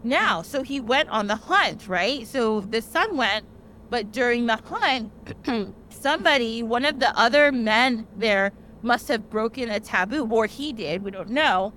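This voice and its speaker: A woman's voice: fairly high pitch, a little slow, slight background noise. Chatty young woman retelling a tale. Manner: chatty, animated retelling with frequent "like" fillers. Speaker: podcast host. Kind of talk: casual storytelling.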